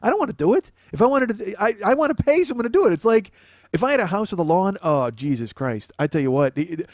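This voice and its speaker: A man in his forties riffs through a rambling, sarcastic and profane comedy podcast rant. His voice sits a little high. It comes across a close mic with a dry, dead sound. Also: very animated, fast, a little mellow, no room sound. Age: 40s. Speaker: podcast host.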